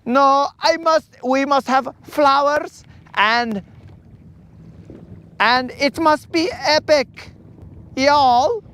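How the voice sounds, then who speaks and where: A man's voice: a bit bright, exaggerated voice. A man hamming up a fussy Southern wedding planner. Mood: fussy, dramatic. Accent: Southern US, put on. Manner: high, theatrical, drawn-out.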